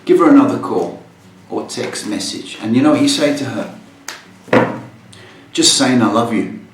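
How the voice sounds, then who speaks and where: A man's voice: mid-range voice, lively intonation, normal speed, background noise. A man hosting a live psychic tarot call-in show, teasing and cheeky with his callers. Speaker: psychic tarot reader, host. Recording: roomy echo, far from mic, music behind.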